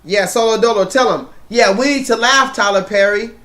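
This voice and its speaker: Male streamer, high-pitched, profane mocking rant to his chat. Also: moderate pace, sharp tone. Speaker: live stream host. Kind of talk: ranting live stream commentary.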